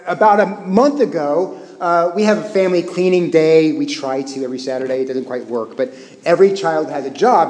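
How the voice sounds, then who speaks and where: A pastor in his thirties delivers a sermon with a high, bright-sitting voice. He tells stories animatedly, with restarts and self-deprecating laughs. The sound carries a long hall reverb, as from a church sanctuary.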